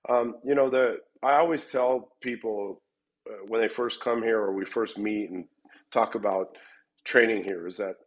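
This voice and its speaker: Middle aged guy coaching fighters, low voice, keeps repeating himself as he talks. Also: fairly even intonation, normal speed, breathy edge, highs cut off. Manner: rambling, repeats words and restarts often. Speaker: MMA gym head coach. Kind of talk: conversational interview answers.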